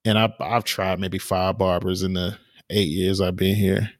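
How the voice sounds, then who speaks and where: A man co-hosting a podcast, telling stories in a relaxed, casual way with lots of fillers and restarts. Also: low-pitched, measured pace, dry recording, studio quality. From small town in the US. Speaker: podcast co-host. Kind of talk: casual chat.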